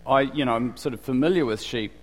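A man's voice: medium pitch, fast talker. A man from New Zealand with a New Zealand accent, preaching in a casual, conversational way and asking the congregation questions. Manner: chatty, asks the congregation questions. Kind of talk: conversational sermon. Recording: long reverb of a hall.

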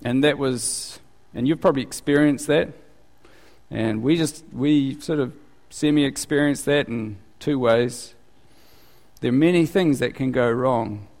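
A man preaching a sermon as pastor in a conversational, animated way, his voice climbing when he acts out questions. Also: measured pace. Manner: conversational, animated, rising in pitch for quoted questions. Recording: long reverb of a large hall.

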